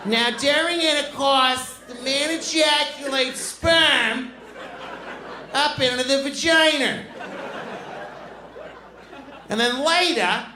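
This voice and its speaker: A man's voice: very high-pitched, takes it slowly, pauses often, noisy background, pitched above the performer's own voice. A man voicing an old woman schoolteacher with a Boston accent, lecturing in a crude, matter-of-fact way. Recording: echoey club with loud crowd.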